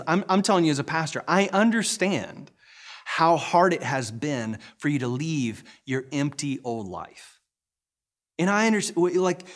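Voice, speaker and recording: A middle-aged man, a pastor, telling a story in a sermon with animated delivery and bursts of laughter. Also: fairly high pitch.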